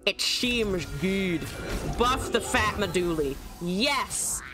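A woman's voice: medium pitch, lively intonation, slow, music in the background. A woman streamer casually commentating her card game, joking, laughing and swearing freely.

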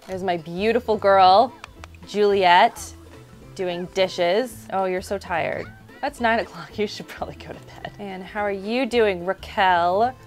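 A young woman hosting a let's-play, chatting in a bubbly way and talking to her game characters. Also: fairly low pitch. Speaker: gaming channel host.

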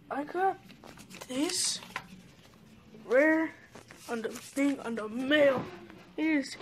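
A woman vlogging casually, speaking straight to her viewers in an excitable way and swearing often. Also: high voice, slow pace, long pauses, slight background noise. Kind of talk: casual mail-opening vlog.

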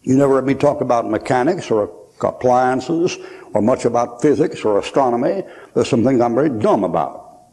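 Older male preacher, folksy joker, warm mellow tone, animated pitch. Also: moderate pace. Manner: folksy, joking storyteller, laughs often. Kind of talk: sermon at a conference.

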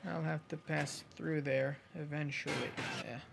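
A man's voice: a little high, level tone, measured pace, creaky, background noise. A man giving casual, jokey commentary while playing a game, rambling, swearing and muttering to himself. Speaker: gaming channel host.

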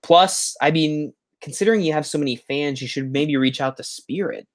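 A man's voice: on the high side, moderate pace. Rambling, chatty live-stream host man. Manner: rambling and chatty, with self-mocking asides. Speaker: host of a Halloween prop channel live stream. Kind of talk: casual live-stream chat.

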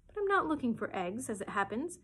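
A woman's voice: a little high, sing-song, fairly quick, fairly bright tone, breathy edge, exaggerated voice. A children's librarian voicing a polite, bewildered little girl who answers earnestly and indignantly.

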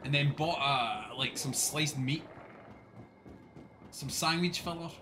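A man's voice: mid-range voice, slow, background noise. A Scottish man streaming a game in casual chat, ranting in an exasperated way and swearing a lot.

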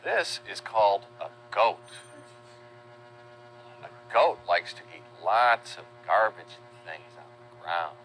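Lively, bright-voiced man teaching kids. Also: lowish voice, takes it slowly, slight background noise. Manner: sing-song and patient, spells words out letter by letter and imitates animal sounds. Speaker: children's teacher. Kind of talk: slow, simple teaching narration for young children.

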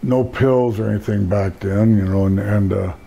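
A man's voice: lowish voice, steady tone, moderate pace, creaky, warm tone. An older man, a retired pro wrestler, telling rambling laid-back stories in a casual interview and laughing at his own jokes.

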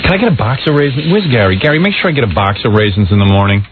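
A man's voice: on the low side, very animated, racing, noisy background. A man hosting a talk radio show in the studio, wisecracking and complaining at length in loose banter. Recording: narrow phone-like radio audio.

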